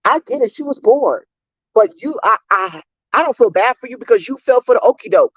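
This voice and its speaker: A woman delivering a heated, profane commentary rant straight to her viewers, talking fast and cutting herself off. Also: on the high side, animated, dry recording. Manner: heated, profane, rapid-fire ranting. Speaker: commentary vlogger. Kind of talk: ranting commentary vlog. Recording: dull lo-fi dry recording.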